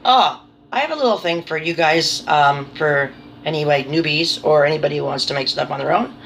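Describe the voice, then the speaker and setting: A woman's voice: sits low, a little fast, vocal fry, background noise. A woman chatting casually to her viewers in a rambling, apologetic, self-deprecating way, swearing now and then. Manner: nervous, apologetic. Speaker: vlogger. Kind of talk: casual chat to camera.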